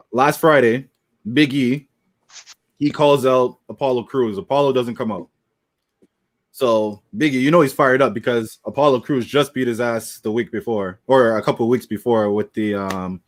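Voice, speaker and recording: A man co-hosting a casual podcast, telling stories with lots of energy and loose profanity. His voice sits at an ordinary middle pitch. He talks like he's hanging out with friends. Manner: animated storytelling with profanity. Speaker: podcast co-host. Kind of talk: casual chat.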